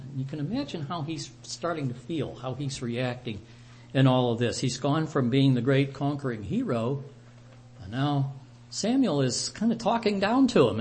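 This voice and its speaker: Slow, lively-voiced male Bible teacher. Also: medium pitch. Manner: conversational storytelling with asides.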